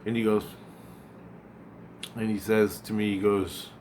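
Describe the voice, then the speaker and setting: A man's voice: on the low side, flat delivery, darkish tone, slight background noise. Rambling man retelling a dream. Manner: rambling, acts out both sides of a conversation; halting, repeats and restarts words.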